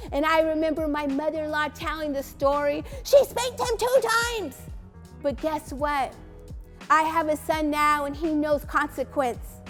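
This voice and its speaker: High-voiced woman pastor telling a story. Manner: animated storytelling, acts out quotes. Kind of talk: parenting talk with a personal story. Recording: faint music behind.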